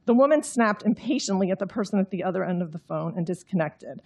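A woman's voice: medium pitch, animated, quick pace, darkish tone, slightly rough. A woman reading her own novel aloud in an understated, droll way, then explaining the story. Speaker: author.

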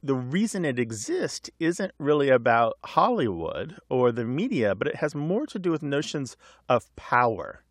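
A man's voice: medium pitch, sing-song, moderate pace, dry recording, clean studio sound. A middle-aged man co-hosting a language call-in radio show, explaining in a chatty way with asides. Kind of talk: casual radio chat and explanation.

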